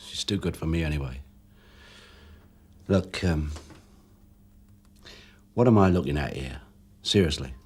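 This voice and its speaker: A deep, husky old crook, wry and confiding about his love of the buzz. He is a man in his sixties, low-voiced and a little rough, in a TV police drama. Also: expressive, measured pace, pauses often, exaggerated voice. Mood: rueful. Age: 60s. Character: aging male armed robber, rueful, hooked on thrills. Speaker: captured armed robber.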